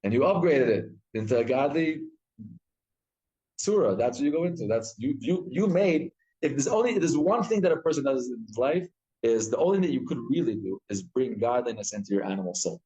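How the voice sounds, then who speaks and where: A man teaching a Torah class, telling stories with lively acted-out quotes and frequent restarts. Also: mid-range voice, brisk, low-quality recording. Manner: animated storytelling, acts out quotes, frequent restarts.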